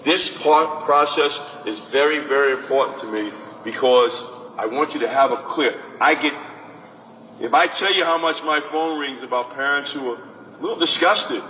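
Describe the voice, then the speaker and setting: A man giving a lively, conversational talk to parents about basketball recruiting and taking their questions in a large indoor hall. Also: medium pitch, normal speed. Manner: animated and conversational, acts out parents and coaches. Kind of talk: informal talk to an audience with questions. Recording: echoey hall from far off, faint noise.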